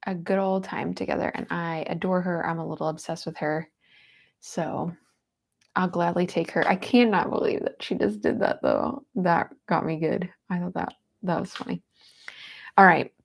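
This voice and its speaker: A woman's voice: on the low side, fairly even intonation, moderate pace, gravelly. A woman hosting a livestream, talking earnestly and tenderly while greeting viewers in the chat. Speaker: livestream host. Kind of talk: casual heartfelt live chat.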